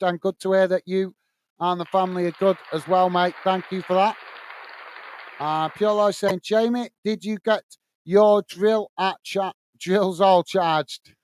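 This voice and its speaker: High, smooth-voiced British man hosting. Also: no room sound. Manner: friendly, reads viewer comments aloud and greets them as mate. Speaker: host of a football watch-along stream. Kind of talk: live chat reading during a match stream.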